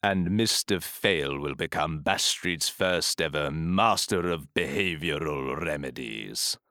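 An actor playing a pompous, blustering male town mayor in a full-cast audiobook, talking slowly and self-importantly. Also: rumbling low, sharp tone, dry recording, clean studio sound, exaggerated voice.

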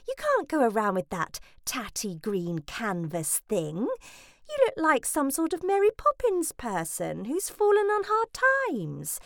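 A woman's voice: mid-range voice, dry recording, studio quality. A woman voicing a fussy, gushing middle-aged mother in an audiobook, breezy and pushy as she chatters on. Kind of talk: audiobook reading.

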